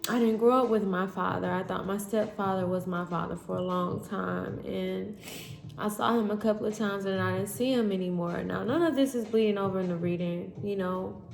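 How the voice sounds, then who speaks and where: A woman reads tarot for her viewers on a phone, her voice emotional and candid, with a gravelly edge. She speaks in an echoey room, and soft music plays faintly behind her. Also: mid-range voice, steady tone, moderate pace. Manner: candid, addresses viewers as y'all. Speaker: tarot reader. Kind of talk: spiritual tarot reading.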